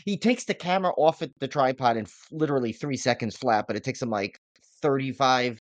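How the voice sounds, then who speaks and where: A man co-hosting a podcast in casual chat, animated and acting out quotes in sudden high voices. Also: fairly quick, no room sound. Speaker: podcast co-host.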